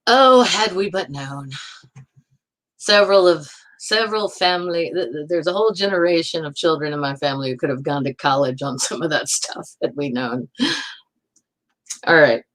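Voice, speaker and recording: A woman's voice: low voice, steady tone, a little fast. A woman hosting a casual livestream, chatting loosely with viewers, rambling and often laughing as she answers comments. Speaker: livestream host.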